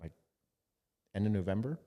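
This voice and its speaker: A man's voice: on the low side, animated, moderate pace, mellow, in a large hall. A man hosting a podcast, telling a story in casual chat and quoting others, with lots of swearing. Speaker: podcast host.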